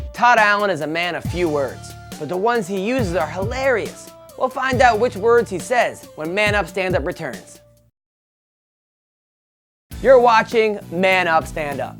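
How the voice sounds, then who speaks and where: Woman hosting with wry jokes, music under. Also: lowish voice. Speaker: show host. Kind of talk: scripted comedy-show links.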